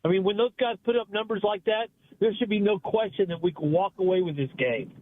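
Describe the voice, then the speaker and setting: A dejected man calls in to a sports radio show, and his voice sits quite high. He stumbles a little as he starts talking. The call comes through as a tinny, narrow phone line. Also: a little fast, no echo. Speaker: caller.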